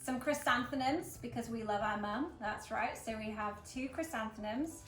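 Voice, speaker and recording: A woman's voice: on the high side, normal speed, fairly bright tone. A woman from England, hosting a casual flower-arranging demonstration in a chatty, upbeat way with plenty of fillers. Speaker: florist host. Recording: roomy echo, mic at a distance, faint background music.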